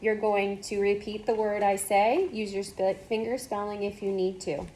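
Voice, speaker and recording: A woman tutoring one-on-one in phonics, giving patient step-by-step prompts and steady encouragement. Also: medium pitch, normal speed, slight background noise. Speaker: reading tutor.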